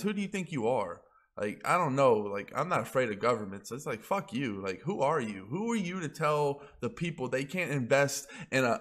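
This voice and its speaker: A man's voice: mid-range voice, a bit bright. A man blogging about crypto in a casual ranting monologue, heated and profane, rambling as he goes.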